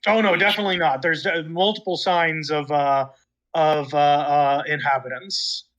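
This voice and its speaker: A man's voice: on the high side, steady tone, moderate pace, fairly bright tone, rough recording. Hesitant man running a tabletop game. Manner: hesitant, many fillers. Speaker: dungeon master.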